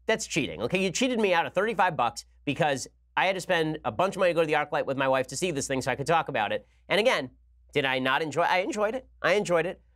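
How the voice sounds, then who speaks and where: Male podcast host, rapid-fire sarcastic rant, higher-pitched voice, studio mic. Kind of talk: solo commentary monologue.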